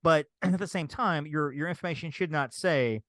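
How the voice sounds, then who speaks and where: A man's voice: a little high, moderate pace, no echo. A man co-hosting a podcast, telling a story in casual chat and acting out what he and others said. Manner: animated storytelling, acts out his own quotes. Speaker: podcast co-host.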